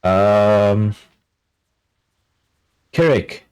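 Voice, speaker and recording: A man's voice: on the low side, very slow, a little mellow, rough recording. A man streaming a fantasy role-playing game, reading dialogue aloud and reacting playfully. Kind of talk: casual let's-play commentary.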